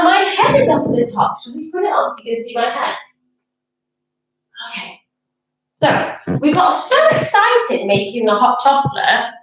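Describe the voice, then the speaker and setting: A woman's voice: sits high, a bit bright, roomy sound, lo-fi sound. A woman leading a children's yoga class in a playful, coaxing, sing-song way. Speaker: kids' yoga teacher.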